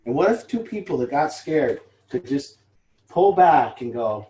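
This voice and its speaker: A little slow but very animated, the recovery group leader's warm, medium-pitched voice fills an echoing room. His informal talk to the group is candid and meandering, with offhand swearing.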